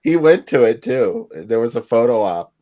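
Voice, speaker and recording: A man's voice: mid-range voice, sing-song, moderate pace, warm tone. A man co-hosting a podcast, chatting casually in an easygoing, laid-back way. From Pittsburgh. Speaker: podcast co-host. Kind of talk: casual chat.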